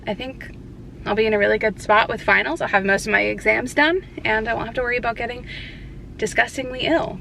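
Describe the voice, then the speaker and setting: Chatting casually while she goes about her day by car and around campus, a young woman in her twenties who studies law keeps her vlog rambling and upbeat. Her fairly high voice is creaky with a sharp edge, and the poor audio carries a little hiss or hum.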